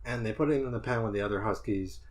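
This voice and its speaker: A man's voice: lowish voice, quick pace. A man co-hosting a podcast, thinking aloud as he analyzes horror films in a casual discussion. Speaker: podcast co-host.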